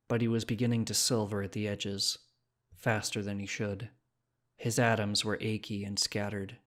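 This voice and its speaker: A man reading short stories aloud as narrator, in a steady storytelling manner. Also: fairly low pitch. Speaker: story reader. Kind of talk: scripted narration.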